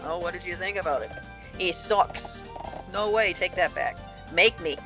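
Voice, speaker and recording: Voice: medium pitch, normal speed, music in the background. A streamer reading a visual novel aloud, voicing the characters in a casual, snappy way. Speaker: let's-play streamer.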